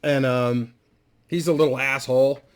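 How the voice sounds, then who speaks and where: A man's voice: mid-range voice, steady tone, moderate pace, clear, resonant tone. A man casually and crudely rambling through a story idea, full of fillers and restarts. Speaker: vlogger.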